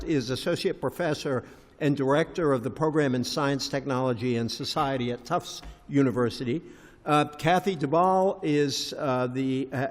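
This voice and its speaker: A man moderating a conference panel, genial and wry, with halting speech and fillers. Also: medium pitch. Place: large conference hall. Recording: reverberant lecture hall.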